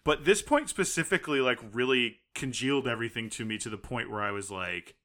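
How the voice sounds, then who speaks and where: Excitable man with a bright voice. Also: medium pitch, fairly quick. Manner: excitable, animated retelling with quoted reactions. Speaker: podcast co-host. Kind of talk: casual chat.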